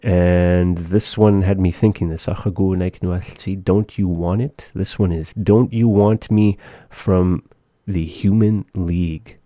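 Male radio host, very deep and very dark voice, dry studio mic, patient phrase-by-phrase teaching. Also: steady tone, no echo. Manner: slow, careful repetition of phrases. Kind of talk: casual radio talk with language lesson.

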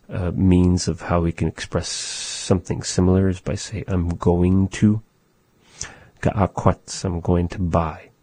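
Man, deep and slow, halting language-lesson delivery, close dry sound. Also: mellow, dry recording. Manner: thoughtful, halting, searching for words. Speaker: language teacher.

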